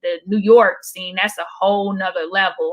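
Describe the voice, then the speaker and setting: A woman stand-up comedian telling stories in a casual, animated interview, with frequent fillers and repeats. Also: mid-range voice, normal speed. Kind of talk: casual storytelling in a talk show interview.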